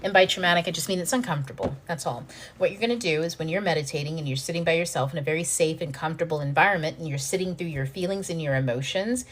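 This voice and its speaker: A woman hosting a self-help video, explaining ideas in a frank, animated way, swearing freely and acting out panicked inner voices. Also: low voice. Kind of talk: casual teaching monologue to camera.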